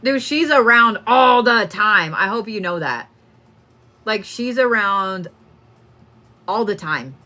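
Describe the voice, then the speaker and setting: Young woman, medium, casual, laughs a lot, swears, crisp bright voice. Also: medium pitch, animated, takes it slowly, pauses often. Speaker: psychic medium. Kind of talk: live-stream reading.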